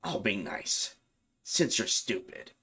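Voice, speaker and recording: Man putting on a low, hushed, slow-spoken demon, cold and taunting. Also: lively intonation, husky, full character voice. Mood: cold menace. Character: menacing demon possessing a young woman.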